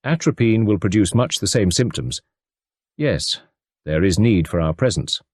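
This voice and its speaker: A man voicing a fastidious middle-aged detective who speaks formally, methodically and courteously. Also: fairly low pitch, lively intonation, no room sound, studio quality. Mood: measured.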